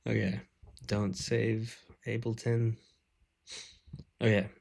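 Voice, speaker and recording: Brief: man in his 30s, slightly low voice, loose rambling live-stream artist chat. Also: gravelly, darkish tone, slightly rough. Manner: rambling, filler-heavy, self-deprecating.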